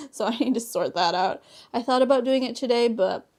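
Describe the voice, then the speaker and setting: Young woman, fairly high voice, casual crafting-stream chat, chatty, acts out dialogue in her stories. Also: lively intonation, measured pace, darkish tone. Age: young adult. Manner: chatty, laughs often, acts out dialogue in storytelling.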